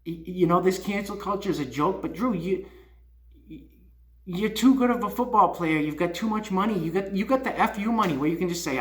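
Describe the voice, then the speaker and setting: Fired-up guy ranting to camera, kinda high voice, roomy echo. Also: fairly quick, slight background noise. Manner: heated, scolding, repeats himself, swings loud and quiet. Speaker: YouTube channel host. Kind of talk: opinion rant to camera. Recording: echoey room.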